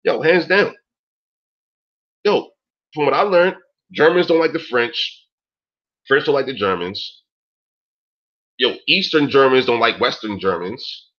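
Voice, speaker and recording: A man in his forties with a husky, breathy voice and mid-range pitch. He hosts a talk stream and rants emphatically, swearing freely and throwing in "yo" and "man". The recording sounds dull and lo-fi. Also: expressive, measured pace, long pauses. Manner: profane, emphatic, repeats "yo" and "man". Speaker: host. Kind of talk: casual rant on a talk stream.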